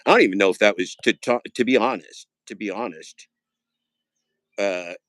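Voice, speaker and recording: A man's voice: on the low side, moderate pace, fairly bright tone, dry recording. A man rambling and joking on a casual live stream, trailing off and restarting often.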